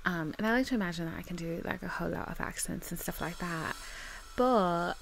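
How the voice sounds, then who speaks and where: A young woman rambles to her camera in easy casual chat, her lowish voice full of gravelly fry. She talks straight to her viewers like a close friend, with a faint hiss of noise in the background. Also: a little fast. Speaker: vlogger. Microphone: camera mic.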